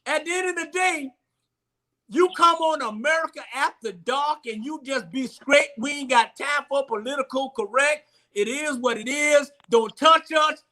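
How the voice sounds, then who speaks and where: A man hosts a casual talk show in a loud, joking way. His voice is very high and bright, with a sharp edge. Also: normal speed, rough recording. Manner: loud, joking, laughing often. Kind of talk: casual chat show banter.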